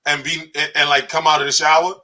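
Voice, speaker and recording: Man with a bright, forceful voice. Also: fairly high pitch, quick pace. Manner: profane, animated storytelling with laughter. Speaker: podcast co-host. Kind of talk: casual comedic banter.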